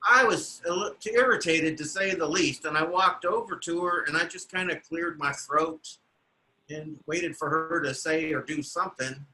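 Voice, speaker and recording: A man's voice: fairly high pitch, moderate pace, bright, forceful tone, rough recording. A man voicing a proud, meticulous young train conductor in a live told story, in an earnest first-person telling. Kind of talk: storytelling performance.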